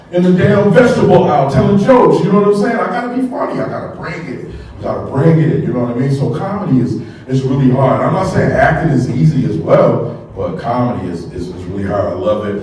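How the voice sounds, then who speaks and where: A man's voice: sits high, brisk, darkish tone, very echoey, far from the mic, rough recording. A man doing a stand-up comedy set on stage, telling loose stories full of asides. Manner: loose storytelling with frequent asides.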